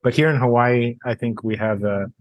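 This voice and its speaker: A man's voice: mid-range voice, fairly even intonation, normal speed, no echo. A man hosting an interview, reading an introduction and asking questions earnestly. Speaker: interview host.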